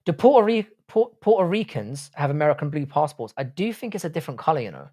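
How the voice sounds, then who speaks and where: A man's voice: on the high side, sing-song, fast talker, dark tone. British-accented male streamer, blunt crude banter, casual live-stream chat. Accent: British English. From Ireland, raised in England. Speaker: university professor.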